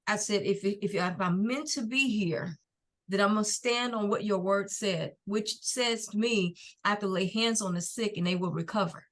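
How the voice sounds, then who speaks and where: A woman's voice: mid-range voice, fairly bright tone. Earnest middle-aged woman telling her story. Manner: earnest, faith-filled, unhurried storytelling. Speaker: guest, nonprofit founder. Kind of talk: personal testimony in a podcast interview.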